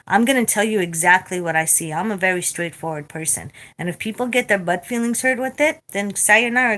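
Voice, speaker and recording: A woman telling a story in a casual vlog rant, blunt and profane, animated as she retells it. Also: mid-range voice. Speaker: vlogger.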